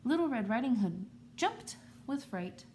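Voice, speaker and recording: A woman teacher reading a children's story aloud in an expressive storytelling manner. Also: on the high side, unhurried, a little hiss or hum.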